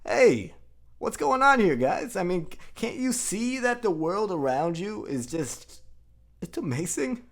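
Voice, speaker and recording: A man's voice: sits high, very animated, unhurried, vocal fry, pitched above the performer's own voice, full character voice. A man voicing a goofy, overjoyed adult male superhero who cheerfully lectures others about how wonderful the world is. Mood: giddy, exuberant. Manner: exuberant, preachy cheer.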